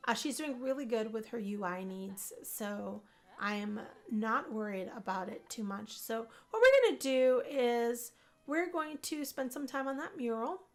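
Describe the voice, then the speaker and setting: Chatty woman narrating her life-sim game. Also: a little high. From Puerto Rican family. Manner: chatty and upbeat, repeats herself for emphasis. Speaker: gaming video host. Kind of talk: casual Let's Play commentary.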